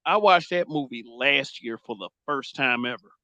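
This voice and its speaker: Bright-voiced blunt male podcast host. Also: medium pitch, moderate pace, dry recording. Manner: emphatic, repeats phrases as he builds a point. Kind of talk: blunt casual podcast talk.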